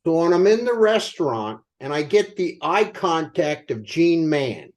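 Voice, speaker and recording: High-voiced older man telling sales stories. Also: unhurried. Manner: animated storyteller asking the audience rhetorical questions. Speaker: company co-founder speaking to sales team. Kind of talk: motivational sales storytelling.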